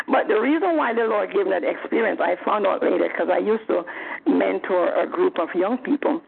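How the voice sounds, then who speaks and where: A woman's voice: mid-range voice, a little fast, creaky, husky. A woman teaching a Bible study, giving an earnest testimony and emphatic exhortation with repeated phrases, heard over a telephone conference line. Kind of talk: testimony and exhortation in a prayer call. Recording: tinny phone conference line.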